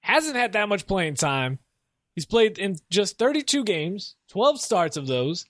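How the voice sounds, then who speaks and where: A man's voice: high voice, big pitch swings, a little slow, fairly bright tone, no echo, clean studio sound. A young man hosting a solo sports show, rambling casually and mocking himself as he rants. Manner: casual, rambling, self-mocking, laughs often. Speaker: sports podcast host.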